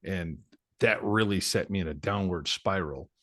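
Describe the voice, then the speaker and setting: Male podcast guest, 40s, deep-ish and dry, frank and reflective. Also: normal speed, pushed and bright, no room sound. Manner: candid, reflective storyteller. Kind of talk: personal life story in conversation.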